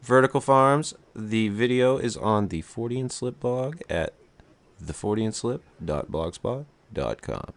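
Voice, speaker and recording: A man's voice: on the low side, a little slow. A man hosting a podcast, joking and teasing his co-hosts in casual chat. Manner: teasing, mock voices, animated. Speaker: podcast host.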